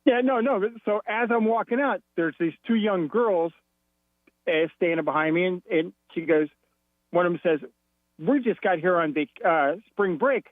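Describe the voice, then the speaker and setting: Man, radio caller, high voice, dry phone line, animated storyteller. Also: normal speed, no room sound. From Florida. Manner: animated storyteller acting out both sides of a quarrel. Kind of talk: telling a story on a radio call-in.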